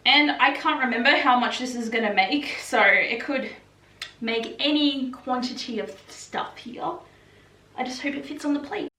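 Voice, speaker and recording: A young woman with an Australian accent chats straight to camera in a bright, high-pitched voice. She talks in an easy, gushing way, scattering "like" through her sentences as she vlogs. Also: normal speed. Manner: chatty and gushing, peppered with "like". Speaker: vlogger. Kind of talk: casual chat to camera.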